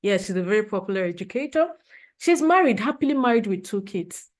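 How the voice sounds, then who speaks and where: Woman trainer, middle pitch, earnest and heartfelt, presses her points with repetition in a motivational session. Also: lively intonation, fairly quick. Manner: earnest, emotional, repeats points for emphasis. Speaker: leadership trainer.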